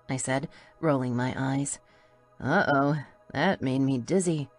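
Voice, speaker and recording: Low-voiced woman narrating with wry humor. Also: unhurried, darkish tone, soft background music. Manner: wry, playful first-person storytelling. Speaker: audiobook narrator. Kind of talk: first-person audiobook narration.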